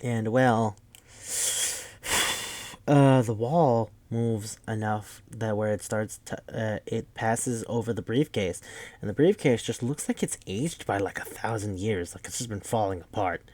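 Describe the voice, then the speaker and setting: A man's voice: fairly low pitch, a little slow, darkish tone, no echo. A man casually recapping a movie, rambling and swearing with lots of fillers. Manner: rambling, profane, full of fillers. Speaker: podcast host.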